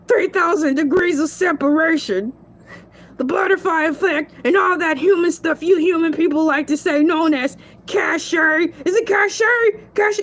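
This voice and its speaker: A show guest, a woman with a high, lightly acted voice, performs a comedic monologue as a goofy, rambling male shark celebrity. The character giggles and stretches his words out.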